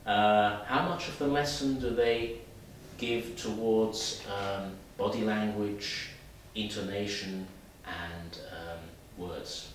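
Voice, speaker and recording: A man teaching a video lesson, talking straight to the viewer in a lively, demonstrative way. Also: lowish voice, takes it slowly, very echoey, distant mic, slight background noise, rough recording. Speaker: English teacher.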